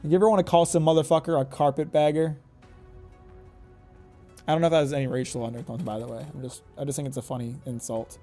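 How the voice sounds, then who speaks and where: Male gamer, casual commentary, fairly high pitch, mellow tone, rambly and self-correcting, faint game music behind. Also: steady tone, fast talker. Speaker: gaming YouTuber.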